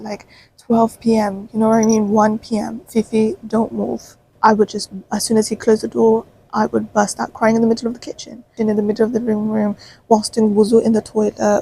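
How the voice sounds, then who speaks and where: A woman in her twenties telling a personal story to the camera in a chatty, animated way. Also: a little high, creaky, slightly rough, low-quality recording. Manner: chatty, animated, full of fillers. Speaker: vlogger.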